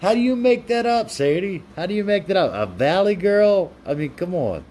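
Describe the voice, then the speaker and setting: A man's voice: sits high, big pitch swings, moderate pace, a little mellow, slight background noise. A man on a live stream, reading viewers' comments aloud and answering them with playful, teasing banter. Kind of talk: casual live-stream chat.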